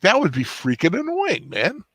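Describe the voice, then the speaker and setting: A man's voice: high voice, wildly swooping pitch, moderate pace, fairly bright tone, husky. Male co-host, casual and wry, dry un-reverberant home mic. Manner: wry, joking asides. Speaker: regular co-host. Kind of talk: casual livestream chat.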